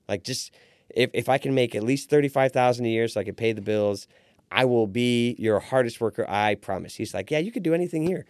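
A restaurant owner in his forties, guesting on a podcast, tells his story in a casual interview and animatedly mimics the people he quotes. His medium-pitched voice is smooth and a little fast, recorded at studio quality with no echo.

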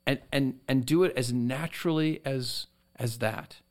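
A man's voice: mid-range voice, unhurried. A man who co-hosts a faith podcast and teaches at a seminary, speaking in an affirming, teacherly way. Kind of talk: casual chat.

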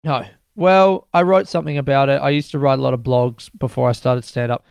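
A man's voice: medium pitch, fairly even intonation, fairly quick, vocal fry, darkish tone, clear, resonant tone, dry recording. A young male stand-up comedian chatting casually as an interview guest, candid and rambling, swearing freely and laughing often.

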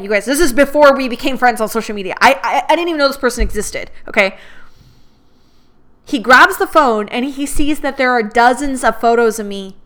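Young adult woman, casual podcast storyteller, candid and expressive, slightly high pitch. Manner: candid and expressive, swears freely, quotes others in her own voice. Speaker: podcast host.

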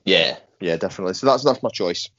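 A low-voiced man co-hosts a podcast and teaches martial arts. He talks bluntly, swears and laughs often. The sound is dry and dull, like a lo-fi recording. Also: animated, quick pace, fairly bright tone, no room sound. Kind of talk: casual chat.

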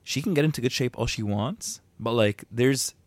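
A man co-hosting a casual chat podcast, laid-back and quick to laugh. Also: mid-range voice, expressive, dry recording. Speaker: podcast co-host.

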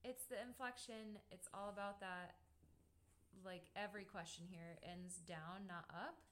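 A woman's voice: medium pitch, fairly even intonation, unhurried, a bit bright. Chatty woman reading tips aloud. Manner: chatty, playful, reads from a list. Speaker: podcast host. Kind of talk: casual podcast chat.

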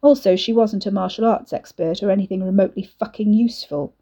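A woman narrating an audiobook in a measured, expressive reading. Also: medium pitch, slightly rough.

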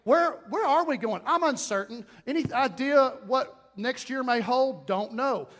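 A middle-aged man preaching a sermon as pastor, emphatic and repetitive, with quick self-talk asides. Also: very high-pitched, expressive, a bit bright. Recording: long reverb in a hall.

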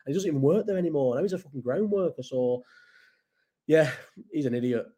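A man's voice: fairly high pitch, expressive, fast talker, mellow, slightly rough. A man from the Bolton area with a Bolton accent, hosting a casual live chat in a rambling, blunt and sweary way. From Bolton area, England.

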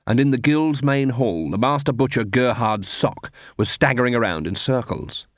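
Male audiobook narrator, measured delivery, mid pitch, dry studio sound. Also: animated, no room sound. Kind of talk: scripted narration.

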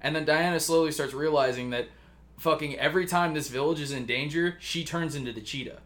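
A man's voice: on the high side, fairly quick, a bit bright. A man casually retelling a story on a podcast, rambling with lots of fillers and swearing. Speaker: podcast co-host pitching a story.

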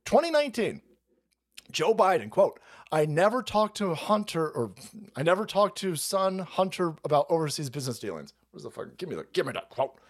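A man's voice: on the high side, very animated, brisk. A man hosting a livestream, reacting to clips with crude, mocking commentary and frequent laughter. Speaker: streamer host.

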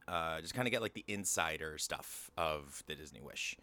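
A man hosting casual news commentary, chatty, full of fillers and quick to curse. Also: extremely low pitch, expressive, pushed and bright. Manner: casual and ranting, with frequent fillers and swearing. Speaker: podcast host.

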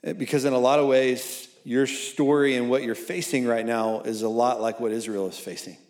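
Chatty preacher in an echoey room. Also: male voice, medium pitch, fairly even intonation, normal speed, darkish tone. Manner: conversational, often asking "right?"; reads scripture aloud. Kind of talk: sermon. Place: church hall at a college service.

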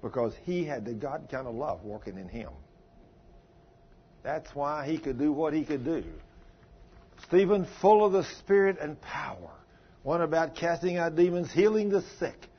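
Husky man preaching a sermon. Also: a little high, animated, moderate pace. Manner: emphatic, rising and falling with storytelling. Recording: dull lo-fi recording.

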